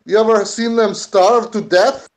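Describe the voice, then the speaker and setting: A man's voice: high-pitched, a little slow, pitched above the performer's own voice. A man voicing a poor male Russian laborer in a put-on Russian accent, speaking in broken grammar as he begs his way past a guard. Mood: pleading. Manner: broken grammar, begging then demanding.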